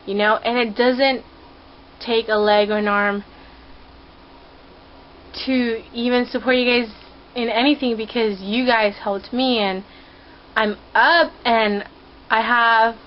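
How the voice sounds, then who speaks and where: A woman's voice: on the high side, fairly even intonation, slow, long pauses, lo-fi sound. Quirky woman vlogging from her room. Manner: quirky, rambling, playful and emotional. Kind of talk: casual heartfelt talk to camera. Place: her own rented room.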